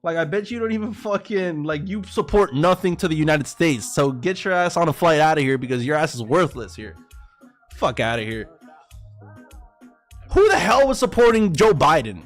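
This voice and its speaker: With faint music in the background, a man hosting a trading livestream rants heatedly and profanely about politics, calling his audience boys. His slightly high voice is animated and moves at normal speed.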